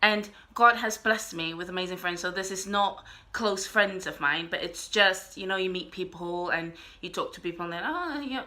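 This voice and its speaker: A woman's voice: on the low side, fairly even intonation, normal speed, hardly any pauses, sharp tone. A young woman vlogger talking casually to camera, earnest and a little rambling.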